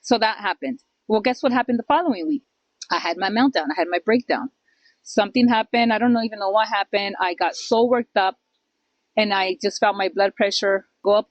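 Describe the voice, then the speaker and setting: A woman's voice: mid-range voice, no room sound, rough recording. A middle-aged woman co-hosting a podcast, telling a personal story in casual chat, acting out quoted voices and dropping in Spanish phrases. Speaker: podcast co-host.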